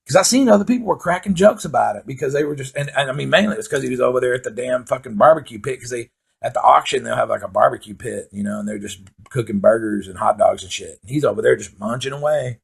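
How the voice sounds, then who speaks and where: Guy with a real gravelly husky voice, rambling and cussing through a comedy story. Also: mid-range voice, fast talker. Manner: profane rambling with filler words. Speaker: comedian host. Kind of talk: casual stand-up storytelling.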